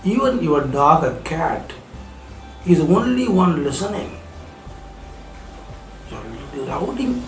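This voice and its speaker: Taking it slowly in a sing-song voice on the high side, a male English teacher lectures earnestly, going over his points again to drive them home. Faint music plays in the echoey room around him.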